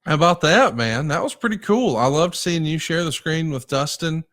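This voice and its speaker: A man hosts a podcast and fires eager, pointed questions at his guest. His voice sits a little high for a man. The sound is dry and close. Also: normal speed, no room sound. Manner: energetic, needling questions. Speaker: podcast host. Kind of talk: casual interview chat.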